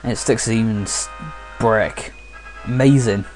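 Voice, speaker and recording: A man's voice: fairly low pitch, unhurried, darkish tone, faint music behind. A sleepy man giving casual let's play commentary, rambling and often stopping to correct himself.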